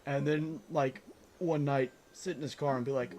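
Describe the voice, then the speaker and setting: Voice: medium pitch, steady tone, normal speed, darkish tone, faint music behind. A live streamer in casual chat, ranting and teasing with exasperation and swearing.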